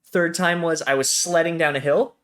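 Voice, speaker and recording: A man's voice: fairly high pitch, fairly even intonation, moderate pace, fairly bright tone. A young American man from Colorado, a guest in casual conversation, telling stories animatedly and laughing often. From Colorado, USA.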